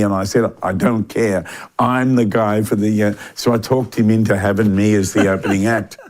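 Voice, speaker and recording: A man's voice: lowish voice, moderate pace. Older Australian man telling road stories. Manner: animated storyteller, acts out quoted voices, frequent restarts. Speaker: guest musician. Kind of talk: relaxed storytelling interview.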